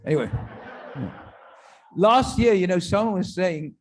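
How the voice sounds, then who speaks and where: Taking his time, a rabbi delivers stand-up-style jokes to his congregation in a high-pitched, animated voice. Between punchlines he slips in chatty asides that poke fun at himself.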